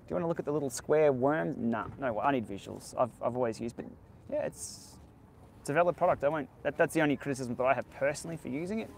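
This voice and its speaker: A man's voice: medium pitch, fast, creaky, slight background noise. A man hosting a casual live-stream Q&A outdoors by the beach, answering viewer questions in a candid, laid-back way. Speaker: cycling tech channel host.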